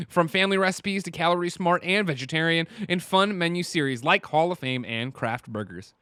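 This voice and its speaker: Guy on a podcast doing an ad read, bit higher voice, bouncy pitch, dry room. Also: no room sound. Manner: playful, animated ad-read with slips. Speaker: podcast co-host reading an ad. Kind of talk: casual podcast banter.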